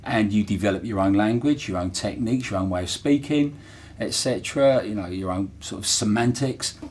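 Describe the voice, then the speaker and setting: A man's voice: fairly low pitch, moderate pace, a little mellow, breathy edge. A middle-aged man with a Portsmouth accent, talking earnestly and reflectively in an interview, with frequent fillers and restarts. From Portsmouth, England. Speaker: interviewee, former dockyard worker. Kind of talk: casual interview talk.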